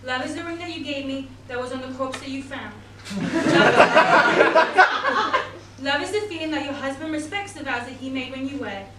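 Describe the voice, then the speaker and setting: A ditzy, sing-song housewife, played by a woman, reads her poem in a high voice. The stage sound is echoey and picked up from far off, with heavy noise over it, like a camera in the audience. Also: moderate pace, close to an everyday voice. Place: small theater stage.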